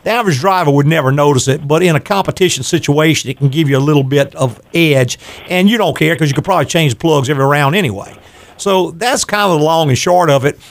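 An older man hosting a call-in radio show on car repair, explaining at length and laughing easily. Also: a little high. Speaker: radio show host, garage owner.

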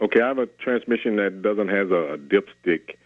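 A man's voice: lowish voice, expressive, brisk, no room sound. A polite man calling in to a car radio show about his transmission. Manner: polite, says yes sir. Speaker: caller. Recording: phone line.

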